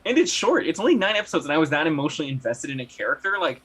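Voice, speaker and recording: A man's voice: on the high side, sing-song, very fast, fairly bright tone, husky. A young man co-hosting a podcast in casual chat, earnest and reflective, often restarting his sentences. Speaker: podcast co-host.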